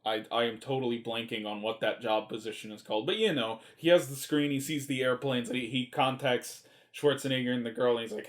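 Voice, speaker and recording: A man's voice: medium pitch, fairly even intonation, fairly quick, hardly any pauses. A man chatting casually about a movie, rambling and enthusiastic and swearing freely. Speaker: movie reviewer. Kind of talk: casual movie review chat.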